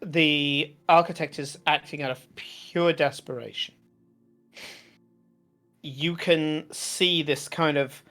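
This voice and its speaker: A woman narrating as game master of a tabletop game, halting, with many fillers. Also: deep voice, fairly even intonation, fairly bright tone, faint music behind.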